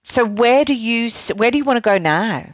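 A woman's voice: on the high side, lively intonation, moderate pace, no room sound, highs cut off. A woman hosting a podcast, talking casually and rambling with fillers as she questions her guest. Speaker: podcast host. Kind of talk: casual conversational interview.

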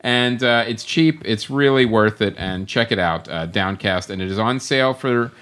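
A man's voice: fairly low pitch, a bit bright, clear, resonant tone. A man hosting a podcast who reads an ad loosely, stalling on fillers and restarts. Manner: halting, full of fillers and restarts, laughing. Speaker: podcast host. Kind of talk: casual chat, rambling ad read.

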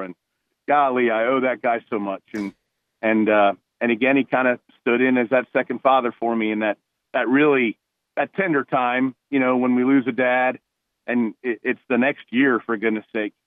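Calling in by phone to a radio interview, a retired cop and former college ballplayer from New Jersey rambles through heartfelt stories, often starting over. His mid-range voice holds a steady tone at a brisk pace. The line is tinny and dry, without echo.

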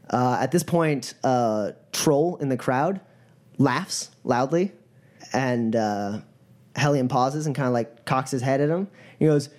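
A game master narrating a tabletop game in a casual, quick manner, with many fillers. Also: medium pitch, darkish tone.

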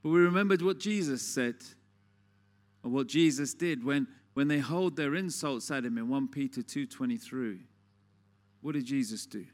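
A man delivers a sermon at a middle pitch, telling everyday stories in a relaxed, conversational way. He often turns to his listeners with rhetorical questions. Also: moderate pace. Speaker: preacher.

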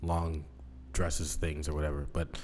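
A man in his late thirties co-hosts a podcast, trading casual jokes in a bass voice at a measured pace. He's animated, often bursting into laughter and putting on mock accents. A slight hiss or hum sits in the recording.

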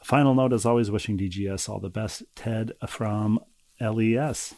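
A man co-hosting a casual podcast, reading listener mail aloud and teasing his co-host in a wry, halting way. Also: fairly low pitch, darkish tone, no echo.

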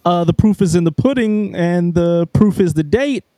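A man's voice: sits high, normal speed, warm tone, no echo. A man co-hosting a casual podcast, playful and emcee-like as he steers the talk. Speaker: podcast co-host. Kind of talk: casual chat.

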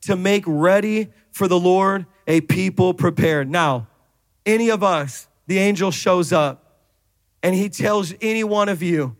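A male pastor preaching a sermon, playful and laughing at his own jokes, swinging from hushed asides to shouting. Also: high-pitched, moderate pace, dry recording.

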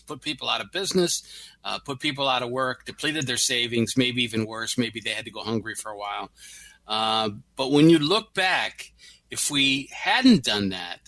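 A man hosts a talk radio show with a bright, forceful voice and puts measured questions to his guest. His tone is steady, and the sound is dry and close to the mic. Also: mid-range voice, no room sound, poor audio.

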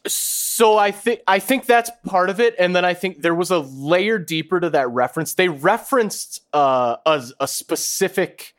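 Higher-voiced man, hesitant and laid-back. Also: animated, moderate pace, hardly any pauses, fairly bright tone. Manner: hesitant, lots of ums and restarts, laid-back. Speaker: podcast co-host. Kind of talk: casual chat.

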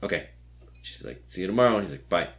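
A man co-hosting a podcast, talking loosely with plenty of ums and likes. His voice sits a bit low, and he slips into quick quoted voices while retelling a story. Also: lively intonation, a bit bright. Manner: rambling, filler-heavy retelling with playful quoted voices. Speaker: podcast co-host. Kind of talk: casual chat.

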